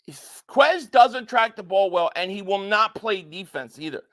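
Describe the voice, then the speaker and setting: High-voiced excitable fan calling the game. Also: male voice. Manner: excitable, quick swings between shouting at calls and flat frustration; repeats himself and stumbles when worked up. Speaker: sports fan streamer reacting live to a game. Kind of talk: live play-by-play reaction and reading viewer chats.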